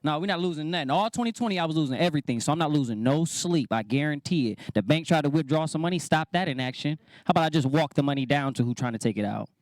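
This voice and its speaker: A man's voice: on the high side, expressive, quick pace, few pauses, dry recording, clean studio sound. A man in his thirties doing stand-up, riffing loosely and chatting with the crowd. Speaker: stand-up comedian. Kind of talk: stand-up comedy. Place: comedy club stage.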